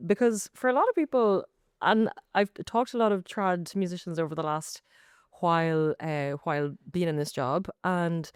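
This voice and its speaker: A young Irish woman hosting a podcast, talking in a chatty, animated way with lots of quick asides. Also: on the low side, smooth, no room sound, studio quality. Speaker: podcast host. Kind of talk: casual chat.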